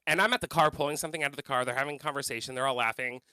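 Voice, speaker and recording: A man's voice: medium pitch, racing, bright, forceful tone, clear, resonant tone, no echo. A man co-hosting a podcast, telling a funny story animatedly, laughing and swearing as he goes. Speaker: podcast co-host. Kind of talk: casual storytelling.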